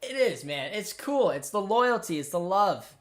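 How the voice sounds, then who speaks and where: A young man hosting a live football watchalong, reacting with excitement and emotion and talking to his viewers. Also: high-pitched, a little slow. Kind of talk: live match watchalong commentary.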